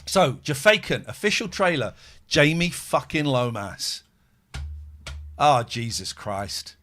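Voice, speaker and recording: A man's voice: mid-range voice, slow, faint music behind. A man hosting a podcast, chatting casually and telling angry stories with lots of swearing. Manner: animated, heavy swearing, telling angry anecdotes. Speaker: podcast host. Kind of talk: casual chat.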